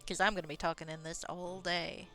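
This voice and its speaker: A woman's voice: on the low side, level tone, brisk, bright, forceful tone, faint music behind. A woman streaming a fantasy role-playing game, chatty and self-amused, swearing casually close to the microphone. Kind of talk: casual gameplay commentary.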